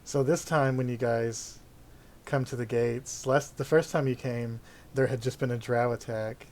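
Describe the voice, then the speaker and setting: A man's voice: medium pitch, fairly even intonation, unhurried, darkish tone. A man narrating as game master in a casual, loose way with plenty of fillers.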